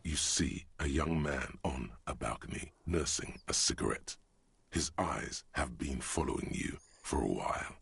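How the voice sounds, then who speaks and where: An actor voicing a dry, sardonic narrator in a video game. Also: male voice, very deep voice, lively intonation, a little slow, creaky, fairly bright tone, slightly rough, no echo, heavily acted. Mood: wry. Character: wry, deep-voiced male game narrator.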